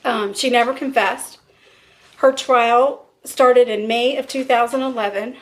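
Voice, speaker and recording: A woman's voice: a little high, measured pace. A woman co-hosting a podcast, telling a true-crime story in a casual way and acting out the quoted dialogue. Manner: lively retelling with quoted dialogue.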